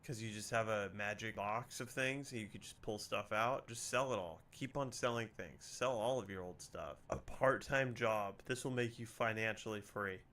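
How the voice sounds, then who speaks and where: A man's voice: lowish voice, moderate pace, few pauses, fairly bright tone. A man streaming from home, talking in a sarcastic, rambling way and swearing freely. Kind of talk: casual stream chat.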